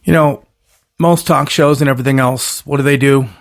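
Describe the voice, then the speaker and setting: A man's voice: mid-range voice, steady tone, moderate pace, creaky. A man hosting his own solo podcast, talking in a rambling, emphatic way with punchy catchphrases and frequent self-corrections. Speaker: podcast host.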